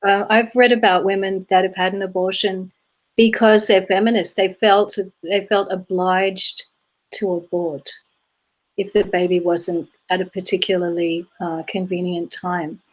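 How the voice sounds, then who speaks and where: A woman's voice: mid-range voice, level tone, a little slow, rough recording. A woman in her fifties with an Australian accent, answering interview questions plainly and matter-of-factly. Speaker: guest, activist. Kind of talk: casual conversational interview.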